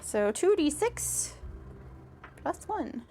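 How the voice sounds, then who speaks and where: A woman plays her character in a tabletop game on a live stream, reading out ability rules in a measured way. Her voice sits fairly high. A faint hiss runs underneath. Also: sing-song, dark tone. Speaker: player.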